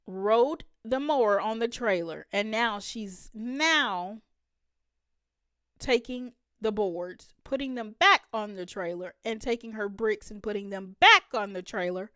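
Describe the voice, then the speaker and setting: A woman hosting a reaction channel speaks unhurriedly in a mid-range voice that's pushed, bright, and clean. She addresses viewers emphatically and laughs often in her reaction commentary, recorded in clean studio sound with no room sound.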